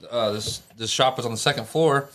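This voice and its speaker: A man's voice: mid-range voice, brisk, fairly bright tone. A man with an ordinary mid-range voice recalls his early tattoo days, swearing casually. He rambles a bit, with plenty of "like" and "you know.". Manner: laid-back, profane, filler-heavy storyteller. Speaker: tattoo artist. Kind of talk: casual storytelling.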